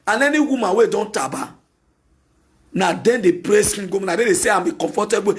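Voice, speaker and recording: A man with a Nigerian accent, hosting a talk show and delivering an opinionated monologue, emphatic and repetitive with bursts of shouting. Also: high-pitched, very animated, a little fast.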